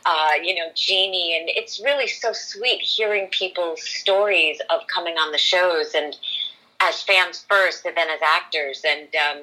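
A woman's voice: lowish voice, unhurried, sharp tone, low-quality recording. A woman who works in voiceover, chatting eagerly as a podcast guest, full of "like" and "you know". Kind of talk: casual conversation.

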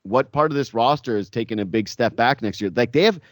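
Male sports podcast co-host, mid-pitched, rambling and animated, dry studio sound. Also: fast, no echo. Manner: rambling, animated, frequent filler words. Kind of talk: casual sports chat.

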